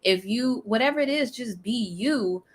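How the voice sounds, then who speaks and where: A woman from New Orleans with a Southern accent and a Texas twang, giving business coaching advice in an emphatic, animated way during a live interview. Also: a little high, normal speed. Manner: emphatic, animated, quotes clients in character voices.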